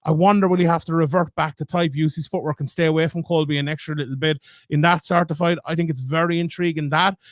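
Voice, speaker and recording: A man's voice: a little high, fairly even intonation, fast talker, hardly any pauses, no echo, studio quality. A man co-hosting a podcast, chatting through fight predictions and thinking aloud with frequent restarts. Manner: thoughtful, restarts and hedges as he reasons aloud. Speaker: podcast co-host. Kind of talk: casual sports analysis chat.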